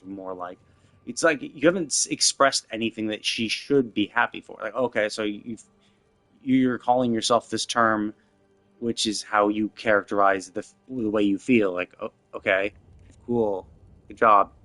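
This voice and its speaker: A man's voice: mid-range voice, fairly bright tone, no echo. A man streaming a game, ranting in a casual, exasperated way, with many restarts and fillers. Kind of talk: casual game commentary rant.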